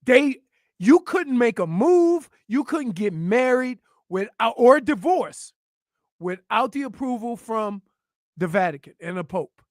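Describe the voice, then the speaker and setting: Radio co-host, man with a high voice, earnest explainer, dry sound. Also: lively intonation, a little slow, no room sound. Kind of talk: casual studio banter.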